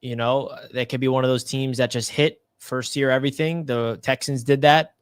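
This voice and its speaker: A man's voice: medium pitch, fairly even intonation, normal speed, smooth, dry recording. A man on a casual podcast panel, giving confident, emphatic football analysis. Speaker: Jets fan panelist.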